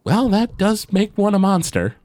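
A man's voice: high voice, sing-song, moderate pace, darkish tone, no room sound. A man co-hosting a podcast, casually recapping a cartoon episode and slipping into playful voices as he retells scenes. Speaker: podcast co-host.

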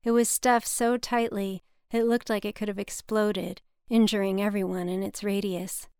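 A woman narrating her own personal story in a measured, scripted reading style, recorded close to the mic. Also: mid-range voice, little pitch movement, darkish tone, clear, resonant tone, no echo.

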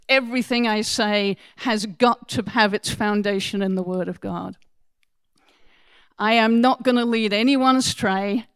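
Woman earnest preacher, slow and emphatic. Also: fairly high pitch, steady tone, smooth, dry recording. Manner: earnest and emphatic, swings from soft asides to loud exclamations. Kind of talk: sermon with scripture readings.

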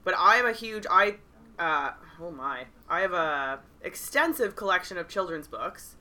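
A young woman in a casual chat with friends, earnest, pausing with "um" and swearing now and then. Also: lowish voice, expressive, bright, forceful tone.

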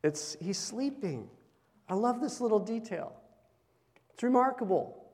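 A man's voice: high-pitched, lively intonation, unhurried, darkish tone, husky. Man preaching a chatty sermon in a reverberant hall. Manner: conversational, asks the congregation questions. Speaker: pastor.

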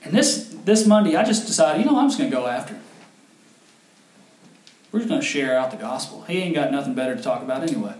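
A man's voice: mid-range voice, expressive, fast, pauses often, darkish tone. A male pastor preaching a sermon, telling a story and rising to fervent emphasis. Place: church sanctuary. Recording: echoey church hall with faint noise.

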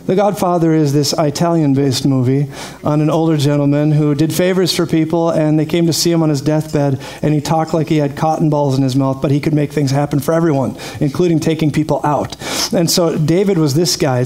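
A man's voice: fairly high pitch, steady tone, brisk, warm tone. A man preaching a sermon in a chatty, storytelling way with laughing asides.

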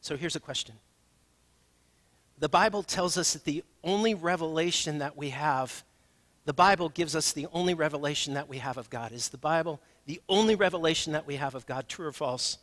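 Man preaching a sermon, fairly high voice. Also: fairly quick, fairly bright tone. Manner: conversational preaching with rising emphatic questions. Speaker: pastor.

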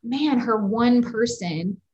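A woman co-hosting a faith-based podcast, talking in a warmly affirming, reflective way. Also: a little high, expressive, slow, dull audio. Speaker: podcast co-host. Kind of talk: faith-based casual chat.

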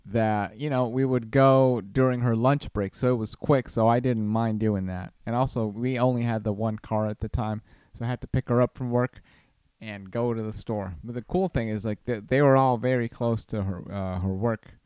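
A man's voice: medium pitch, fairly even intonation, normal speed, darkish tone, clear, resonant tone, no room sound, clean studio sound. A man hosting a podcast from home, rambling casually with frequent restarts and chuckles. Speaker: podcast host. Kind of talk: casual chat.

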